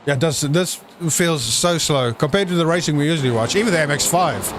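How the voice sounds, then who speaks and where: A man giving jokey, excitable live commentary on a sim race, breaking into shouts at crashes. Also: a little high, brisk, noisy background.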